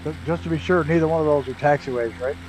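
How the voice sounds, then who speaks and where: A man's voice: a little high, quick pace, darkish tone, slight background noise, low-quality recording. A man chatting casually while streaming a flight simulator, telling profane racing stories and laughing often.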